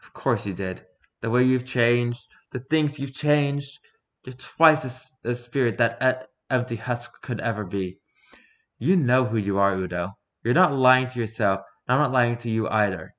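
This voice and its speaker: A man reading the lines of a gentle father figure in a spoken story, reassuring and tender. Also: mid-range voice, a little slow, close to an everyday voice.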